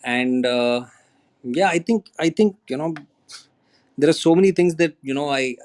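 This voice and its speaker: A man's voice: a little high, moderate pace, darkish tone. A man, an actor chatting as a guest. He talks earnestly, with many restarts and fillers, and slips into Hindi. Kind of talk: casual chat on an audio app.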